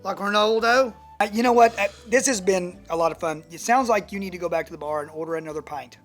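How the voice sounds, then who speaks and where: A performer putting on a loud British male football fan calling in, with a mock British accent that keeps slipping into Australian. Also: medium pitch, fast talker, soft background music, natural voice. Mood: rowdy. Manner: boisterous, laughing at own accent.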